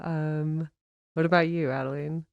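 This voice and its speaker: A woman's voice: low-pitched, steady tone, measured pace, no echo, highs cut off. A woman park ranger, a guest on a podcast, explaining her job in a friendly way with a few laughs and fillers.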